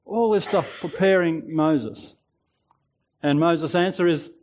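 A man in his sixties preaching a sermon in a relaxed, conversational way, chuckling at his own asides. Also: on the high side, takes it slowly, rough recording.

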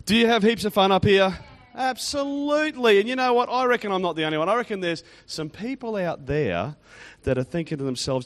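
Man, children's talk at church; high, bouncy voice, chatty and teasing with the crowd. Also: lively intonation, normal speed, fairly bright tone. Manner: chatty, teasing, quizzes kids and congregation. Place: church in front of a congregation.

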